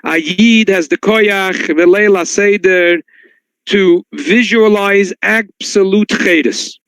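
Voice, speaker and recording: Male rabbi, sermon-style class, slightly high voice, dry and close, animated storyteller. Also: slow, smooth, no room sound, low-quality recording. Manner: storytelling, swings to high excited tones when quoting. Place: synagogue.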